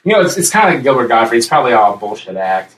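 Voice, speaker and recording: A man co-hosting a casual podcast chat, rambling and animated, breaking into high-pitched impressions. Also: racing, roomy sound, recorded from a distance, poor audio. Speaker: podcast co-host.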